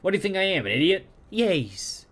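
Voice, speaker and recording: A man quietly reads the lines of a nasal woman with a heavy smoker's voice, talking business over a phone in a video game. She is cool and matter-of-fact, giving little away. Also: high voice, big pitch swings, brisk, voice pushed up, heavily acted. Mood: businesslike.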